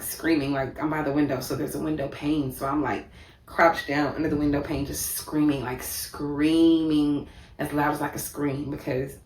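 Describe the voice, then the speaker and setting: A woman vlogger telling a personal story in a vivid, repetitive way, with many fillers. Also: deep voice. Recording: echoey room, distant mic.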